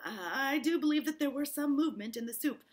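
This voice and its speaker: A woman reading aloud and voicing a harsh male minister who threatens the accused loudly. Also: high voice, lively intonation, fairly quick, voice pushed up. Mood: threatening.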